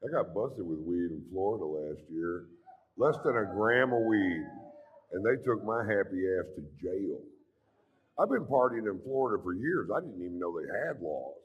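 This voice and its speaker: A middle-aged male comedian with a very low, deep voice delivers stand-up in an unhurried, deadpan drawl. His stories build slowly toward crude punchlines. The sound is slightly muffled, as from a live stage recording. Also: slightly rough.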